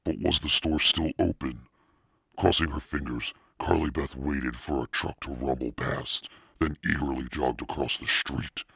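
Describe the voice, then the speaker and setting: A man narrating a spooky children's storybook in a steady, suspenseful reading. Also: extremely low pitch, creaky, slightly rough, no echo, clean studio sound. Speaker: audiobook narrator.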